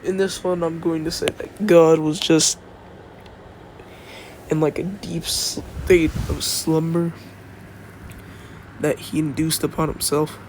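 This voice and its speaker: A man's voice: on the high side, level tone, slow, long pauses, a little mellow, a little hiss or hum. A young man casually making up a fan-fiction story as he goes, rambling and thinking aloud, recorded on his phone.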